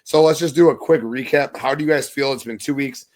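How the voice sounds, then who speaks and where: A man's voice: mid-range voice, a little fast, darkish tone. A man hosting a casual wrestling podcast, upbeat and joking, swearing freely as he runs the panel. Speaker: podcast host. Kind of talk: casual sports podcast chat.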